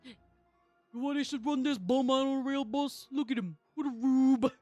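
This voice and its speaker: A woman voicing a loudmouthed male gangster henchman with a Brooklyn accent, taunting and sneering. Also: high-pitched, fairly even intonation, normal speed, soft background music, voice pushed up.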